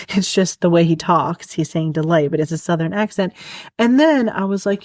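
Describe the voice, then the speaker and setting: A woman's voice: lowish voice, steady tone, normal speed, a little mellow, no room sound. A woman hosting a solo podcast, rambling and giggling often, with lots of "like" fillers, in casual chat. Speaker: podcast host.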